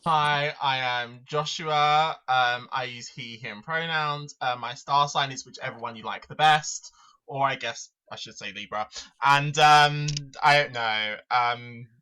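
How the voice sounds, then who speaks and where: A man's voice: medium pitch, a little slow, pushed and bright, clear, resonant tone. A man introducing himself as a game contestant, playful and chatty.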